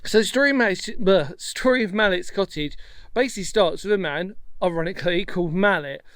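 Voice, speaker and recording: Vlog host, male, high-pitched, dry close sound, rambling and full of fillers, talking outdoors on a cliff path. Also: fairly quick, fairly bright tone, dry recording. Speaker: history vlog presenter. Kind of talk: casual chatty presenting.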